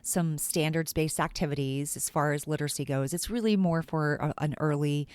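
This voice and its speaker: Low-voiced chatty woman telling school stories. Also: normal speed, clear, resonant tone, dry recording. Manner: animated, chatty, full of "like" and acted-out quotes. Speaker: teacher and podcast host. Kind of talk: casual podcast storytelling.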